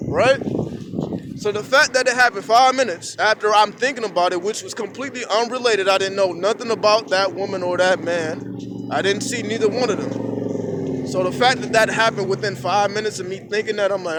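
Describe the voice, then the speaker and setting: A vlogger with a high-sitting voice talks a little fast into his phone camera held at arm's length, outdoors at sunrise with a noisy background. His casual monologue is rambling, profane and animated as he tells stories.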